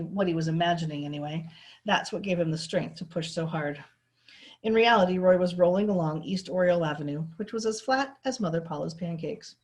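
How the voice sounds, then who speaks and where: A woman teacher reads a novel aloud in a steady, expressive way. Her voice sits a little low.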